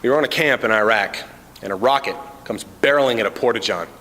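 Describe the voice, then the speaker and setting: A man telling stand-up comedy stories in a casual, deadpan way, with many "uh" fillers, recorded in an indoor common area. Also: lowish voice, quick pace. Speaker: amateur stand-up comic, Army sergeant. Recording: reverberant indoor room.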